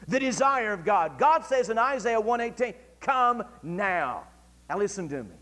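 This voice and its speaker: Male pastor, very high register, fervent deliberate sermon delivery, church hall reverb. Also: a bit bright. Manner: fervent preaching, slows down and stretches key phrases. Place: church sanctuary. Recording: church archive recording with long hall reverb.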